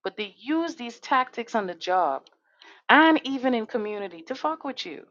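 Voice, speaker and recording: A woman's voice: on the high side, very animated, moderate pace, a bit bright. A woman hosting a podcast, delivering an impassioned monologue that is angry, profane and full of rhetorical questions. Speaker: podcast host. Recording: dull dry lo-fi recording.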